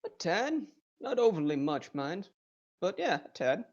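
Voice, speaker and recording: A man's voice: sits high, big pitch swings, unhurried, muffled recording, pitched above the performer's own voice, full character voice. A man voicing a friendly male lizardfolk craftsman who speaks in an amiable, drawling way. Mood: easygoing.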